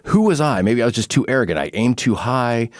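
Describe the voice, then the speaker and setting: A man's voice: medium pitch, expressive, a little fast, dry recording, clean studio sound, close to an everyday voice. A man acting out a hero archer doubting himself, speaking anxiously and questioning himself.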